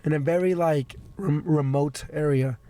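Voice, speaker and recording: A man's voice: a little high, fairly even intonation, normal speed, mellow. A man hosting a podcast, telling a rambling story with lots of stammers and swearing, his voice worn from being sick. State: voice worn out from illness. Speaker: podcast host. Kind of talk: casual chat, storytelling.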